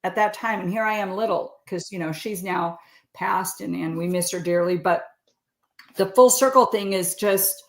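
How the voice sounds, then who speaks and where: A woman's voice: mid-range voice, normal speed. Chatty sixty-year-old woman, roomy sound. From California. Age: 60s. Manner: chatty storyteller who laughs often. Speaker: podcast guest. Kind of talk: casual interview chat.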